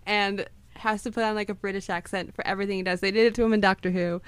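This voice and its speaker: A woman's voice: medium pitch, steady tone, fast, smooth, no room sound. A young woman co-hosting a podcast, chatting casually and playfully, giggling often. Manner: playful, giggly, repeats lines for fun. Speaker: podcast co-host. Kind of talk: casual chat.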